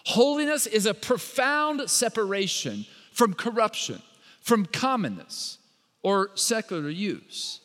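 A man's voice: sits high, big pitch swings, slow pace, a bit bright. A man preaching a sermon, with dramatic repetition and rising emphasis, standing before a congregation. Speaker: pastor. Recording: long reverb of a large hall.

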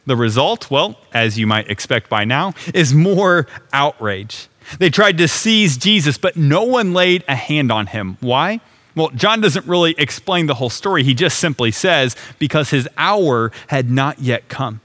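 Man, pastor, sermon, earnest conversational preaching, voice a little high. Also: lively intonation, unhurried, a bit bright. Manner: earnest expository preaching, paraphrasing scripture conversationally.

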